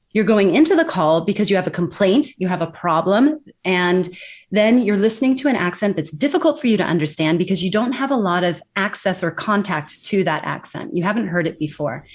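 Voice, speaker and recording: An American woman explaining workplace communication in an emphatic, animated interview style. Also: mid-range voice. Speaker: accent and communication expert guest. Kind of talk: interview answers.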